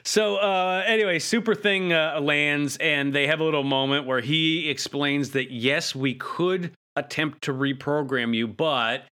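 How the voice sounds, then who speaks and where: A man's voice: on the high side, a little slow, hardly any pauses, sharp tone, smooth. A man co-hosting a podcast, recapping an episode in casual, joking chat and acting out quoted lines. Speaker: podcast co-host.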